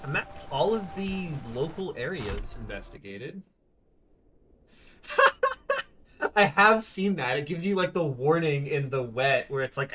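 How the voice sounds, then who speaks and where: Bright-voiced chatty male game streamer. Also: mid-range voice, a little hiss or hum. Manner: chatty, rambling, talks to viewers. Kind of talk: casual gameplay commentary.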